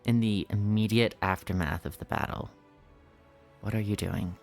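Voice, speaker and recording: A woman's voice: very deep voice, fairly even intonation, normal speed, vocal fry, darkish tone, soft background music. A woman narrating as game master of a tabletop game, laughing often between lines.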